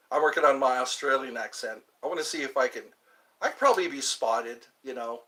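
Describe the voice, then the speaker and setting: A man's voice: mid-range voice, expressive, a little fast, sharp tone. A man hosting his own channel, chatting casually and meandering from topic to topic. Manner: meandering, chatty, puts on playful voices. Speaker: channel host. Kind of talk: rambling casual vlog chat.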